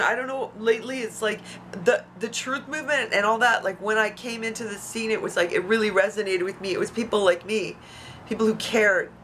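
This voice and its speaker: Outspoken woman vlogger, frustrated and profane, slightly high, sharp voice. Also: a little hiss or hum. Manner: outspoken, blunt, swears freely; heated, frustrated. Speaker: YouTuber. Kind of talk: emotional vlog rant. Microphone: camera mic.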